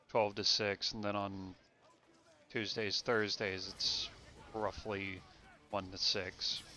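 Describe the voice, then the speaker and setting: Bright-voiced young man streaming games. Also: fairly low pitch. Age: young adult. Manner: rambling, self-correcting chat. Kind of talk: casual gameplay commentary.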